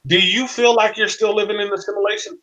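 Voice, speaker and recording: Bright-voiced animated man. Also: high-pitched, fast talker, dull audio. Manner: animated, keeps asking "you know what I mean". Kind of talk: casual chat.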